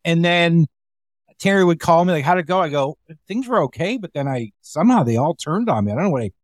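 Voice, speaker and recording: Stand-up comedian, male, fairly high voice, animated raconteur who swears easily and mimics others; dry, close recording. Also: fast talker, no room sound. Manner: animated, swears freely, acts out quoted voices. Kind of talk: casual storytelling chat. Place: remote call.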